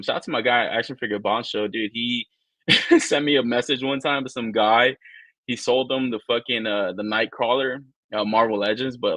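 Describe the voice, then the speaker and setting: Co-hosting a toy-collecting live stream, a man talks in a rambling, profane, casual way, animatedly acting out the people he quotes. His voice is on the low side, with no echo.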